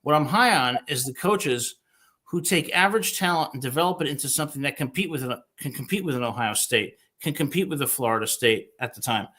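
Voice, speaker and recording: A young man from New Jersey hosting a casual sports talk show, joking and telling animated stories. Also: medium pitch, fairly quick. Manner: boisterous, jokey, animated storytelling. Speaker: podcast host.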